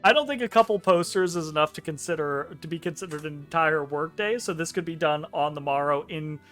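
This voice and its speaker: A man narrating as game master of a tabletop game, rambling and correcting himself with quick laughs. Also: fairly high pitch, fairly bright tone, faint music behind. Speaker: dungeon master.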